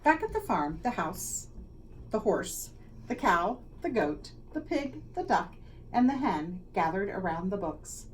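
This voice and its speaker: A woman, a school leader, reading a children's picture book aloud with expressive, dramatic storytelling. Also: medium pitch, a little slow. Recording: slightly distant mic, faint noise.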